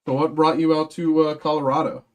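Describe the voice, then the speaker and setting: A man's voice: fairly high pitch, little pitch movement, fairly quick. A young man from Massachusetts hosting a live card break, chatting casually with lots of fillers and restarts. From Massachusetts, outside Boston. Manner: rambling, many fillers and restarts. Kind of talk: casual live-stream chat while opening packs.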